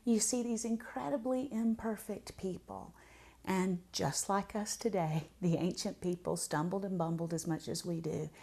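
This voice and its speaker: A woman's voice: mid-range voice, moderate pace. A woman, telling a personal story as an author and speaker, drawing out words for emphasis. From Southern United States. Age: 40s. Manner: warm, vivid storyteller, draws words out for emphasis.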